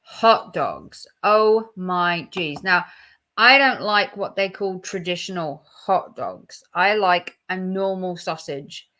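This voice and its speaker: A woman's voice: lowish voice, animated, slow, sharp tone. A young woman vlogging casually as she reacts to quiz questions, chatty and opinionated with emphatic reactions. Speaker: YouTuber.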